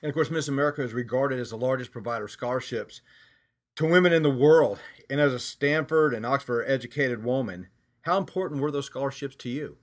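A man in a mid-range pitch conducts an interview. He asks measured questions and offers short affirmations. The recording has a radio-like sound.

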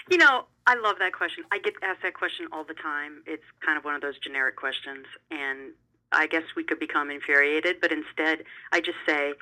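A middle-aged woman, a television host as interview guest, telling stories with animated emphasis and some repeated words. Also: sits low, moderate pace, poor audio. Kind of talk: conversational interview storytelling.

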